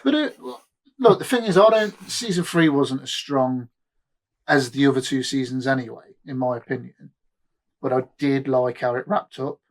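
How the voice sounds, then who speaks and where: A man chatting casually on a podcast. He tells stories in a loose, rambling way, often trailing off or restarting his sentences. His voice sits at an ordinary middle pitch. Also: normal speed. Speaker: podcast co-host. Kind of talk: casual chat.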